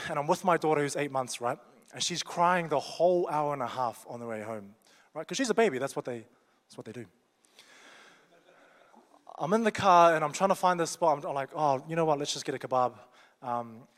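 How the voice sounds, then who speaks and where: Joking New Zealand preacher in a hall. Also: male voice, on the high side. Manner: joking, conversational and down-to-earth. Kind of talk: sermon. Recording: long reverb of a large hall.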